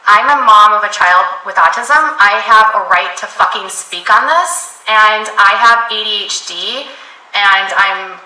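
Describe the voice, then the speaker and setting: Woman streamer, sharp bright voice, dismissive and swearing, roomy distant recording. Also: medium pitch, a little slow. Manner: combative, profane, dismissive. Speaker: livestreamer. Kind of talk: livestream rant at chat. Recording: echoey room, far from the mic.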